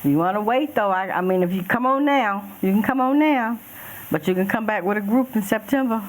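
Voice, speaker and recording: Brisk woman pitching a group trip. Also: a little hiss or hum, poor audio. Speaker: co-host and trip organizer. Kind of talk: casual travel vlog chat. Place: outdoors on a resort balcony.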